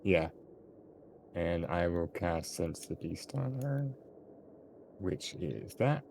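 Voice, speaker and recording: A man playing a tabletop game, stating his character's actions slowly and deliberately. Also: low voice, expressive, gravelly, a little mellow, slight background noise. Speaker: player.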